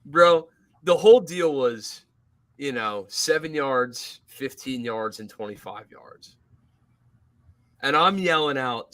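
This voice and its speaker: A man co-hosting a podcast, telling stories in casual chat, animated and profane, acting out others in a shouting voice. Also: medium pitch, slow pace. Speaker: podcast co-host.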